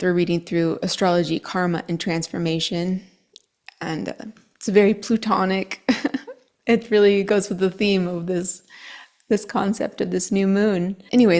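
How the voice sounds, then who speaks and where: A woman astrologer speaking to her viewers in an earnest, emotional monologue that sometimes drops to a soft whisper. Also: lowish voice. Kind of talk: reflective monologue to camera.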